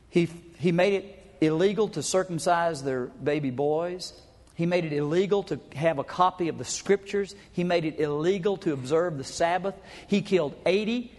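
A man preaching a folksy, emphatic sermon to his congregation, sometimes acting out crowd chants. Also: high voice. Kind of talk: sermon teaching. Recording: hall reverb.

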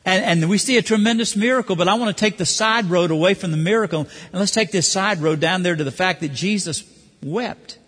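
A man preaching a sermon, animated, acting out the voices of the people he quotes. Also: high voice, a little fast, husky. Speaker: pastor. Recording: hall reverb.

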